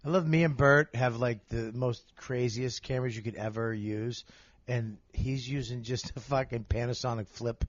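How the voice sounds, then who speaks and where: A man of middling pitch rambles and jokes as a podcast guest. The sound is dry and close, but dull and lo-fi. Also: fairly even intonation, normal speed, no room sound. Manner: rambling, joking. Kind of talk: casual banter.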